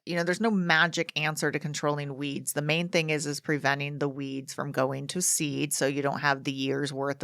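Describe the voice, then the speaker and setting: A woman's voice: deep voice, fairly bright tone, no room sound, clean studio sound. A woman hosting a gardening podcast, chatting in a rambling, casual way with frequent restarts. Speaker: garden show host.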